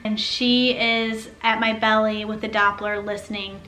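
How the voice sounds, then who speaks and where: A young woman casually telling her own birth story, chatty and animated, acting out what others said. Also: mid-range voice, measured pace, a little hiss or hum. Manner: chatty, animated, acts out quoted speech.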